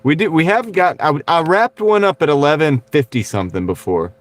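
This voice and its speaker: A man's voice: fairly high pitch, expressive, brisk. A Texan man chatting casually on a livestream from his car, laughing often and reading out viewer comments. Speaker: livestreaming delivery driver. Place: car, while driving. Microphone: wireless clip-on mic.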